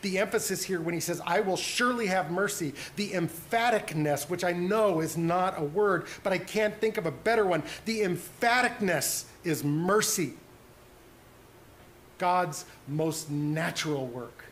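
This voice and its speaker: A man preaching a sermon as pastor, earnest, dropping to soft hushed tones on tender points. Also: high voice, measured pace, slight background noise.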